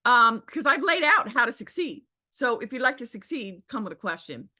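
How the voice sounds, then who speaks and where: High, lively woman coaching a group. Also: moderate pace. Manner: emphatic, with high squealing impressions of others. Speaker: business coach leading a group call. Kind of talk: animated coaching talk.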